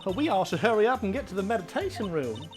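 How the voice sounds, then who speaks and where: Man putting on a loud southern gal photographer. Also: high voice, big pitch swings, quick pace, over music, pitched above the performer's own voice. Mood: exuberant. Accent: Southern US, put on. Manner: loud, exclamatory drawl. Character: brash perky southern woman photographer.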